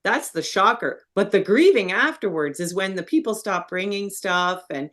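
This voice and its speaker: A middle-aged woman hosting a podcast, speaking in a reflective, explanatory way and growing animated when she tells a story. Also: mid-range voice, normal speed. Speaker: podcast host. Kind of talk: conversational interview.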